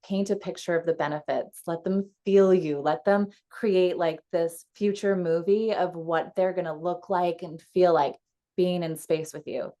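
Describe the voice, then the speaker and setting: A woman coach leading a casual teaching call from home over a video call, chatty and quick to laugh, with frequent fillers. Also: fairly low pitch, fairly even intonation, mellow.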